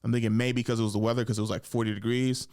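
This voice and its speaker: A man's voice: mid-range voice, flat delivery, rapid-fire, a little mellow. A young adult man, a comedian and host, talking casually and animatedly in a solo monologue, laughing often and putting on voices.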